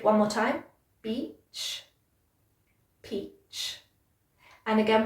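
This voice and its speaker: Slow, clear British woman teaching pronunciation. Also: a little high, echoey room, far from the mic. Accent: British English. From Britain. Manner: slow, clear, encouraging teacher talk with drawn-out example words. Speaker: English teacher. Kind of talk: pronunciation lesson.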